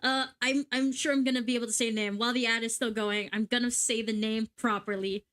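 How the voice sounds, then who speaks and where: A woman's voice: fairly high pitch, steady tone, quick pace, fairly bright tone. A young woman VTuber commenting casually on a game, giggling, swearing and stumbling over words in a sleepy way. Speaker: VTuber streamer.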